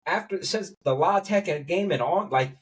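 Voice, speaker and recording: A man giving a heated, profane sports rant as a commentator, getting angry and loud at times. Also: high-pitched, expressive, normal speed, recorded from a distance, low-quality recording. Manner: angry, swearing, rising to loud outbursts.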